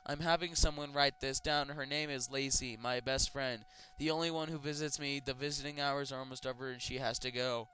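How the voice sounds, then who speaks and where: A man's voice: mid-range voice, fairly even intonation, brisk, hardly any pauses, bright, forceful tone, a little hiss or hum, low-quality recording. Sarcastic, exasperated male story reader. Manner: sarcastic, exasperated, swears often. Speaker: reader of amateur horror stories. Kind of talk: comedic dramatic reading with commentary.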